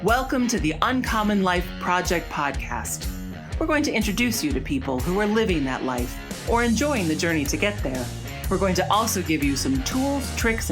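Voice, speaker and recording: A woman reading a scripted podcast intro in a smooth, polished way. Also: medium pitch. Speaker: podcast announcer. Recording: guitar music behind voice.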